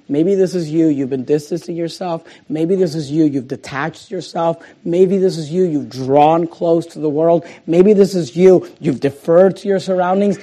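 A male pastor preaching a sermon and reading scripture, moving between loud emphasis and hushed, slowed lines. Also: on the high side. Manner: dramatic swings between loud emphasis and hushed, slow delivery.

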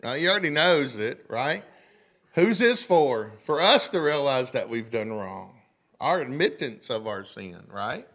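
Male pastor preaching, mid-pitched, reads scripture and asks the congregation questions. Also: big pitch swings, a little slow, a bit bright. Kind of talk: sermon. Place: church sanctuary.

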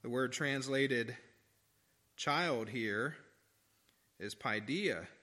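A man preaching a sermon, reading scripture slowly and then explaining it earnestly with emphatic stresses and rhetorical questions. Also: mid-range voice, bright, forceful tone.

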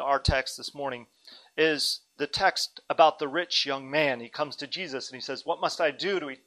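A man's voice: a little high, bright, forceful tone, rough recording. A man in his thirties preaching a sermon as a pastor, earnest and dynamic, with friendly asides to his congregation.

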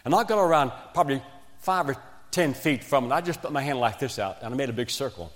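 A man from Virginia, preaching a revival sermon and telling a story with swings between loud emphasis and quiet asides. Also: medium pitch, expressive, fast. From West Virginia. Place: church sanctuary. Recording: long reverb of a church hall.

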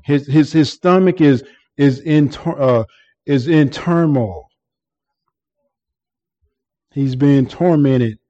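A man's voice: mid-range voice, warm tone, highs cut off. A man preaching an earnest expository sermon, often repeating words and restarting as he explains the text.

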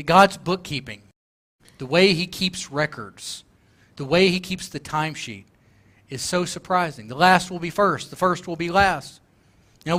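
A man's voice: high voice, bright, forceful tone. A male pastor preaching a sermon, earnest and emphatic, repeating his key points.

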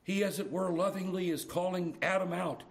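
A middle-aged man preaching a sermon, moving from soft, tender passages to loud, urgent appeals. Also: high voice, steady tone, moderate pace, vocal fry.

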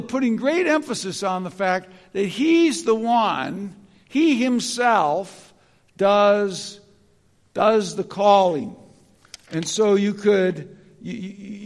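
A man preaching a sermon, deliberate and repeating key phrases for emphasis. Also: sits high. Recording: long reverb of a large hall.

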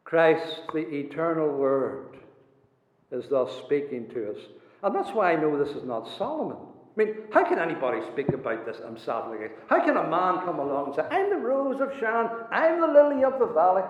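A man preaching a sermon with passion, swinging between soaring lines and hushed ones. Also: on the high side. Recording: echoey hall, dull lo-fi sound.

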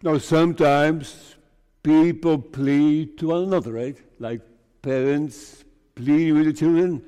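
Slow, mellow-voiced preacher in a reverberant hall. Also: male voice, on the high side, clean tone. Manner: slow, measured delivery in short phrases. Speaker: pastor. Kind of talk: sermon. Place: church.

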